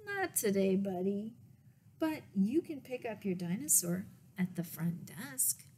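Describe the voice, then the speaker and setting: A woman's voice: medium pitch, animated, measured pace, warm tone, slight background noise, close to an everyday voice. A woman reading as a jolly nurse, easy and kind, storybook. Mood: cheerful. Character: cheerful nurse, playful and kind.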